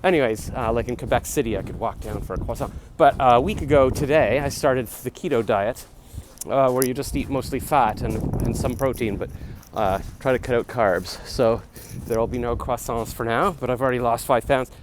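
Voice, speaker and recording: A man's voice: medium pitch, fairly quick. A man in his forties rambling casually into his phone while jogging along a city street, with chatty, self-deprecating asides. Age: 40s. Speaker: vlogger. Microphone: phone camera held while jogging. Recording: faint street noise outdoors.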